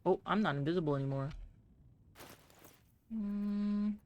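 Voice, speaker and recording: A woman's voice: on the low side, a little slow, highs cut off. A woman streaming a game live, chatting casually, laughing and reading in-game text aloud.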